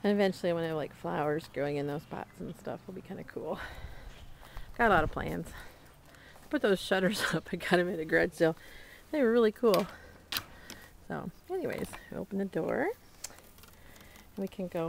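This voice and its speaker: This time her lowish, creaky voice has lively intonation at normal speed, broken by long pauses, as she gives a casual tour of her small farm among barns and animals. Recorded on a handheld camera mic with a little hiss or hum, she rambles with plenty of fillers and small laughs.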